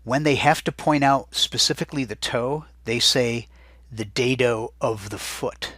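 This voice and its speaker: In a dry recording, a man with a mid-range, slightly bright voice gives a chatty Spanish vocabulary lesson. He says every word slowly and repeats it so students can write it down.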